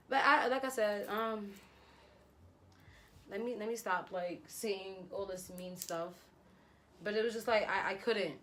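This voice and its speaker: Young woman vlogger, storytime, lively slangy delivery, mid-pitched voice. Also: unhurried, long pauses. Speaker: beauty vlogger. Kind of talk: storytime vlog.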